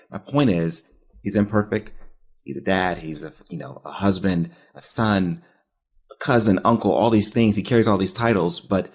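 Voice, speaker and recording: A low-voiced, husky man hosting a podcast interview. He speaks earnestly and with feeling, pressing his point like a pep talk. His tone is deep and a little rough. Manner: earnest, emotional, motivational. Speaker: podcast host.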